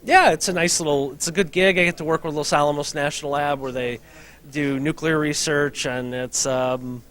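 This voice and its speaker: A man's voice: a little high, steady tone, normal speed, a bit bright. A middle-aged man, a professor, talking modestly and rambling with many fillers in a casual interview. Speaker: professor and former science fair winner.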